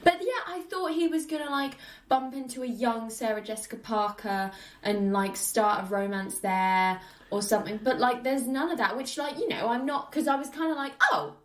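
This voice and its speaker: A woman with a fairly high voice chats on a podcast in a roomy, echoing space. She is animated, laughs a lot and acts out the characters' lines as she talks. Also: normal speed. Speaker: podcast host. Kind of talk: casual podcast chat.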